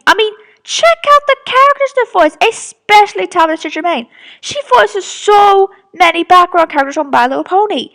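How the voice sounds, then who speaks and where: A woman's voice: high voice, fairly bright tone. A young woman from Britain rambling defensively about criticism of her fan audio drama, with many restarts. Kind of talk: casual rant to camera.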